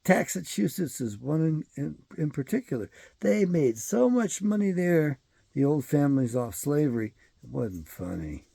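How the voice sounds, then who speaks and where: Man, deeply gravelly voice, dark and mellow tone, rambling profane solo commentary, dry close sound. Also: big pitch swings, moderate pace, no room sound. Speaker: show host.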